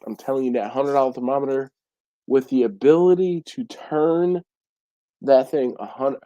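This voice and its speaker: A congested man hosts a livestream from home, casually reading viewer comments aloud and answering them. His voice is mid-range, mellow and at normal speed; the audio is poor but has no echo.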